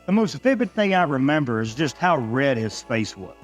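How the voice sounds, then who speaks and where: A man's voice: mid-range voice, sing-song, normal speed, soft background music. A man narrating a first-person ranch story in a dry, folksy way, with a Texan accent.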